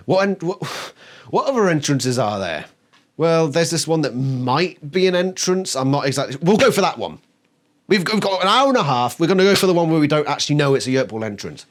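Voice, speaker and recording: A man's voice: a little high, big pitch swings, fairly quick. A man reviewing a book on camera, exasperated and swearing constantly, mocking the characters by acting out their lines. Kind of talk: ranting video review.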